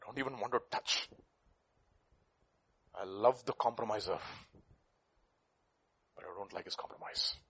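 A man preaching a sermon, swinging between loud bursts and hushed asides. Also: lowish voice, a little slow, pauses often, slightly rough.

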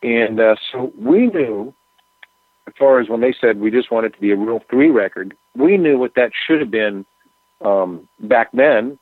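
A man, a musician guest, telling rambling anecdotes in a relaxed, casual interview with plenty of fillers. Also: mid-range voice, a little slow, no room sound. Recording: tinny phone line.

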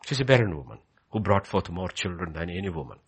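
Gravelly-voiced male preacher, lively delivery. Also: sits low, fast talker. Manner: emphatic, repeats key phrases, swings from loud to quiet. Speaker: pastor. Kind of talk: sermon.

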